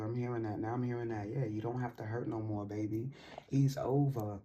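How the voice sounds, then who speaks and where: A woman giving a casual tarot reading, talking in an animated, slangy, playful way and laughing often. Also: a bass voice, a little fast, dull audio, slight background noise. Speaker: tarot reader.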